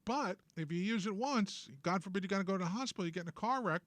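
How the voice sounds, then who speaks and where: Talking fast in a high-pitched, fairly bright voice, a New York-accented talk show host rants about politics. He's opinionated, sarcastic, and emphatic, and the recording has no room sound.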